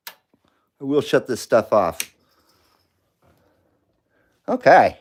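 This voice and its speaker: A man's voice: mid-range voice, animated, measured pace, long pauses, a little mellow. A middle-aged man hosting a live stream, chatting casually, joking and laughing often as he reads comments.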